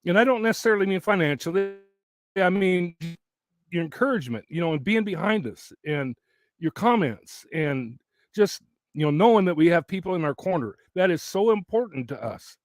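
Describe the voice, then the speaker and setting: A man hosts his YouTube channel from home in casual live chat, speaking very close to the mic in a high, lively voice at a moderate pace. The studio-quality audio has no room sound, and he rambles with frequent restarts and laughs as his voice wears thin.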